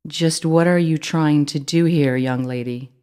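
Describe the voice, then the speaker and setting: A storybook reader voicing a big male rat villain who speaks calmly and slowly, taunting his prey. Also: mid-range voice, clear, resonant tone, lightly acted. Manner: calm, drawn-out, taunting.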